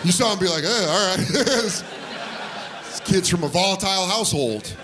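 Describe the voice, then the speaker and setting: In a live comedy club recording full of crowd noise and laughter, a high-pitched man tells a stand-up story at a moderate pace. He's animated, performing the voices of the people in his tale.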